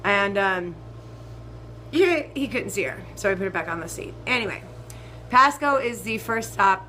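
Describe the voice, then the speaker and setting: A young woman telling a ranting storytime vlog, swearing freely and swinging between loud outbursts and muttered asides. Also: medium pitch, expressive, normal speed, slight background noise, rough recording. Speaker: vlogger.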